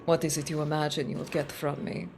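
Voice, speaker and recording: A woman puts on a composed man of authority from a video game. He speaks in a measured, formal and cryptic way, low and hushed, giving little away. Soft music hums faintly behind him. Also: animated, close to an everyday voice. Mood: cool, guarded.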